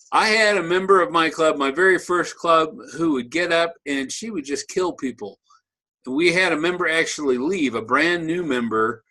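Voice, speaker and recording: A man's voice: on the high side, sharp tone. A man giving a conversational online teaching talk as a workshop presenter, joking and restarting phrases as he goes.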